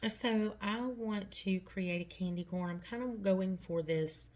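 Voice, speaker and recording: A woman's voice: mid-range voice, a little slow, a little mellow. A middle-aged woman talking through a nail tutorial step by step, chatty and reassuring.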